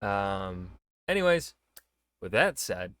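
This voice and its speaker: A man's voice: fairly low pitch, very animated, slow, fairly bright tone, smooth, no echo. A man hosting a reaction video, chatting casually and joking at his own expense. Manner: joking, rambling, self-mocking.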